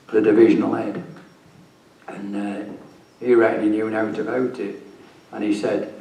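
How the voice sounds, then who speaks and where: An older man, a retired police officer, tells his story at a conference, speaking bluntly and swearing freely. His voice is medium-pitched and a little mellow, recorded in an echoey conference hall with the mic far off.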